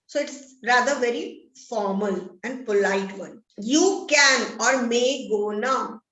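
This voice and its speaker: A high-pitched woman with an Indian English accent teaches grammar at an unhurried pace. She reads each example sentence aloud and stresses the key words. Her voice carries an echoey room sound. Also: a bit bright. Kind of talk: classroom-style grammar lesson.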